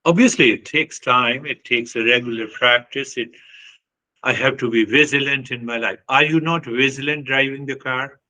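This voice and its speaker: A man's voice: medium pitch, steady tone, normal speed, bright, forceful tone, poor audio. A man giving a reflective spiritual talk, earnest and repetitive, often questioning his listeners. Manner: earnest, repetitive, with short laughs and acted quotes. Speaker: spiritual teacher.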